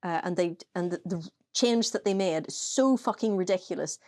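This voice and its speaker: A woman co-hosting a casual chat show with an Irish accent, telling animated stories, swearing and laughing often. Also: lowish voice, normal speed. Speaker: podcast co-host.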